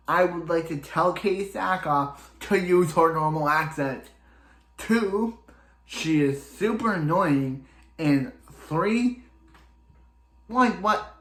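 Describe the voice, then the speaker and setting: A man's voice: a little high, a bit bright, reverberant. A man casually recapping and reviewing a TV episode, rambling and opinionated, with lots of restarts. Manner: rambling, chatty, leans on "he's like" and restarts; openly opinionated and exasperated about a character.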